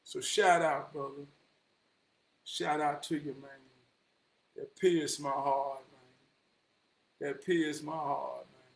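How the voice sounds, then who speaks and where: A man with a Southern US accent giving heartfelt motivational shout-outs, preachy and repetitive, swinging from soft murmurs to loud bursts. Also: fairly high pitch, steady tone, slow pace, creaky, long pauses, low-quality recording. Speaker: motivational vlogger.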